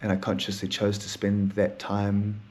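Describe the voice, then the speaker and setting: A man's voice: on the low side, monotone, moderate pace, a little mellow. A man hosting a solo podcast, talking in a raw, emotional, rambling way and swearing often. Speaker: podcast host.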